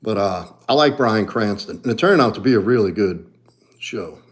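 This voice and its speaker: A middle-aged man with a New Orleans accent, chatting casually on a livestream as a martial arts coach, blunt and profane, dropping to low mutters and rising to animated bursts. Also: moderate pace. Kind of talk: casual livestream chat reading comments.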